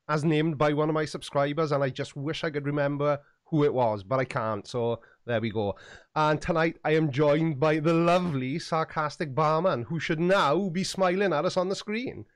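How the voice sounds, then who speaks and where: A man's voice: fairly high pitch, normal speed, no echo, studio quality. A man hosting his own live-streamed podcast, chatting casually with a rambling, self-deprecating manner. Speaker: podcast host.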